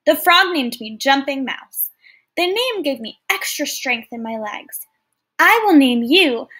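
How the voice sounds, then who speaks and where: A woman voicing a small, kind male mouse in a read-aloud folktale, in a high, eager voice. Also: sharp tone, heavily acted.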